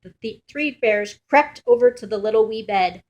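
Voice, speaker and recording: Woman, storyteller, picture book read-aloud, expressive, playful. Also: fairly high pitch, normal speed.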